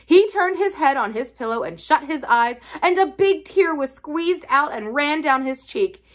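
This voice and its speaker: A woman reading a classic novel aloud for a library, telling it in an expressive storytelling way. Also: sits high, a little slow. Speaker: library reader.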